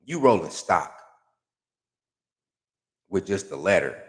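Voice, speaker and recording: A man reading out and mocking comments in casual, profane commentary, with heavy slang and a sarcastic, animated delivery. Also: low-pitched, takes it slowly. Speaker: YouTube commentator.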